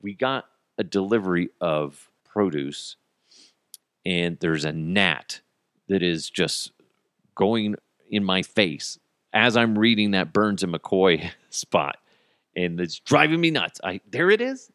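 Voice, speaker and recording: A man in his thirties hosting a podcast, ranting crudely and comically with sudden jumps in pitch. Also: lively intonation, takes it slowly, fairly bright tone, no room sound, clean studio sound. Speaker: podcast host. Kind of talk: casual comedic monologue.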